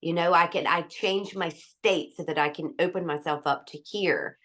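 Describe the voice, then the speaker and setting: A woman's voice: lowish voice, steady tone, moderate pace, fairly bright tone. A woman doctor speaking as a guest in an interview, candid and emphatic, laughing easily. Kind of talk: conversational interview.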